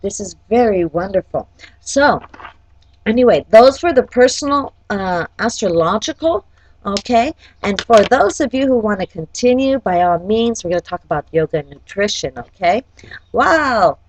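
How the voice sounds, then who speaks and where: A woman's voice: mid-range voice, lively intonation, normal speed, low-quality recording. A woman giving a casual, chatty horoscope forecast. She often checks in with "okay?" and talks directly to each sign. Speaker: astrology forecaster and life coach.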